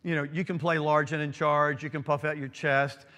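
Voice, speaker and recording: A middle-aged man preaching a sermon, earnest and emphatic, dropping to a hushed tone when telling a family story. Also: on the high side, level tone, normal speed, muffled recording. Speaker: pastor. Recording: long hall reverb.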